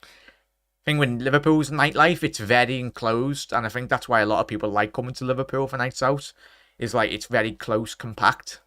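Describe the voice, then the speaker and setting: A man's voice: mid-range voice, steady tone, moderate pace, bright, forceful tone, no room sound, clean studio sound. A young man in his twenties from England, hosting a live football watchalong stream, chatting with viewers, reading out their messages and commenting on the match. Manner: chatty, reads out viewer messages, calls everyone mate.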